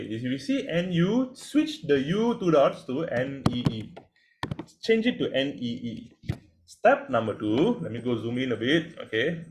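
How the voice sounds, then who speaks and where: A man teaching Mandarin pronunciation in a casual screen-share lesson, chatty and repetitive, drilling sounds with big jumps in pitch. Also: fairly bright tone.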